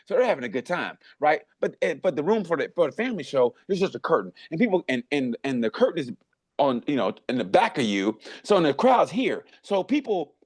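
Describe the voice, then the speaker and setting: A man's voice: fairly high pitch, sing-song, a little fast, dry recording. A man tells a story on a comedy podcast, his voice rising and falling all over the place. He swears freely and breaks into laughter often. The sound is dry and close, with no room heard. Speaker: podcast co-host. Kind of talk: casual comedic chat.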